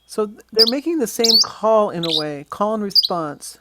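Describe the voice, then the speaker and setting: A birding instructor giving a casual slide-show lesson on bird identification, pointing out features in photos and often pausing with ums and uhs. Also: medium pitch, lively intonation, heavy background noise. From Western Washington.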